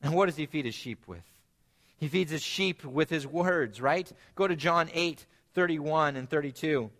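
A man preaching a sermon, earnest, climbing to emphatic peaks and then dropping low and quiet. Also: normal speed.

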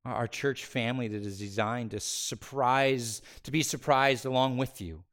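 Male pastor preaching with dramatic swings. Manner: dramatic swings from loud and high to hushed, near-whispered phrases; slows down on key words for emphasis. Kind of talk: sermon.

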